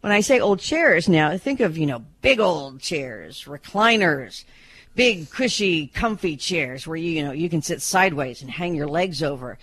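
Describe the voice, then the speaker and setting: A woman's voice: low-pitched, lively intonation, measured pace, fairly bright tone, no echo. A woman reading a radio news update about pets in a chatty, informal way and breaking into light laughs. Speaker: news reporter.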